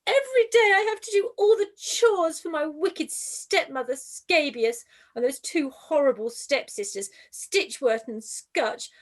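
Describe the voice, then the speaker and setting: A sulky, self-pitying Cinderella, played by a woman in an amateur panto, whining and sighing melodramatically. Her voice is high and swoops a lot, and she talks slowly. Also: animated. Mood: sobbing.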